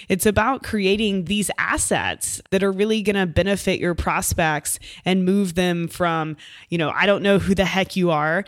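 A woman podcast co-host telling a story in a chatty, animated way, full of "like" and "you know". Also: on the low side, dry recording, clean studio sound. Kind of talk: casual storytelling chat.

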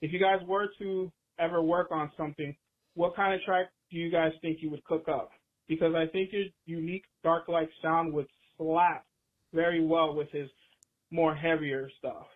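A man from Boston calling in with a rambling, slang-filled question, excited as he talks. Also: a little high, moderate pace. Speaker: caller. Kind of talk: casual call-in question. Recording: tinny phone line.

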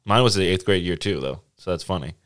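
Quick and low-pitched, this young podcast host chats casually and spins animated stories. He curses without restraint and performs the quotes he relays.

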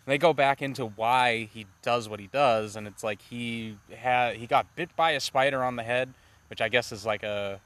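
A man co-hosting a casual movie review podcast, talking in a rambling, animated way with plenty of swearing. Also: medium pitch, moderate pace. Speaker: podcast co-host.

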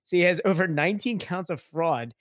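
Man podcast co-host, slightly high voice, dry close sound, easy laughter. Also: a little fast, a bit bright, no room sound. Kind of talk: casual podcast chat.

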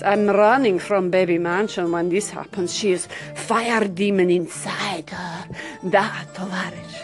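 A woman playing a brash, flirty Russian radio host with a mock Russian accent, theatrical and full of pet names. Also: mid-range voice. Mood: playful. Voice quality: theatrical, coos pet names, swoops between purring and shouting. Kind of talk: comic character radio show.

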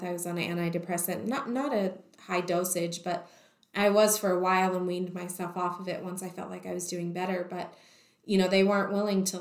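A woman's voice: fairly low pitch, roomy sound. A young woman telling a personal story in a chatty way, acting out what others said, with many "like" fillers. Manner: talkative, acts out quoted voices, many "like" fillers.

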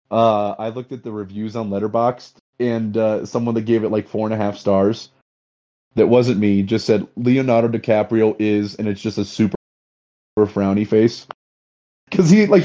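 A man's voice: on the low side, lo-fi sound. A man co-hosting a podcast from a remote mic, reacting easily to his partner's stories. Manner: relaxed, reactive conversational partner. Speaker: podcast co-host and editor. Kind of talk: casual chat.

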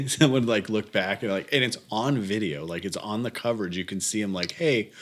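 Low husky-voiced man chatting casually. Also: brisk, a bit bright. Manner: laid-back, laughs often, trails off into fillers. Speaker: podcast co-host. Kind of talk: casual chat.

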